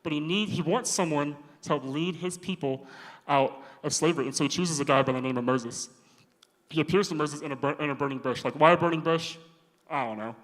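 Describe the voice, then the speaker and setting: A man preaching a casual sermon, slangy and animated, acting out the characters' lines himself. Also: on the high side, fairly quick. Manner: slangy, animated, acts out quoted voices. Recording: long hall reverb.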